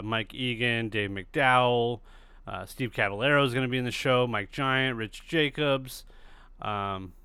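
Male podcast host, loose and profane, clear and smooth tone. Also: mid-range voice, bright, forceful tone, no echo. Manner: rambling, loose and profane, with many fillers. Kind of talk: casual podcast chat.

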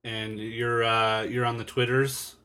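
Laid-back male podcast host with a bright voice. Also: mid-range voice, takes it slowly, smooth. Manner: relaxed, laid-back, uses "like" and "you know" often. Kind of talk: casual interview chat. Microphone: video call.

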